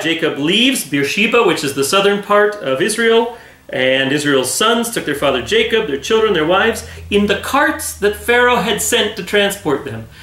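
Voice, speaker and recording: A male pastor leads a Bible study in an earnest, chatty way, pausing on fillers as he thinks. His voice sits a little high, and the sound rings in an echoey room. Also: pushed and bright. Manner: earnest, conversational, full of fillers. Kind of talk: Bible study devotional talk.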